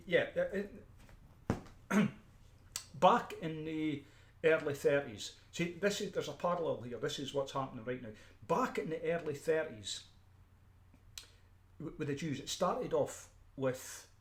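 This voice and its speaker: A Scottish street preacher speaks in an unscripted, emphatic rant at an ordinary middle pitch. He repeats words, restarts sentences and clears his throat often. His voice rings back from a bare, echoey room. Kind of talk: unscripted ranting monologue.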